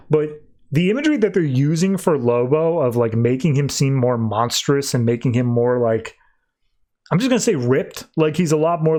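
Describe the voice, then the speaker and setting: A man's voice: medium pitch, darkish tone. A man co-hosting a podcast, chattily recapping a comic book plot and peppering it with "like.". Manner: chatty, heavy use of "like" when retelling. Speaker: podcast co-host.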